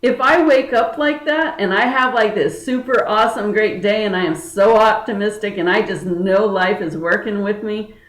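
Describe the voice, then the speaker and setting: A woman's voice: mid-range voice, moderate pace, hardly any pauses. Chatty woman energy healer, roomy echo. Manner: earnest and chatty, full of "like" and restarts. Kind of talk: casual spiritual talk to camera.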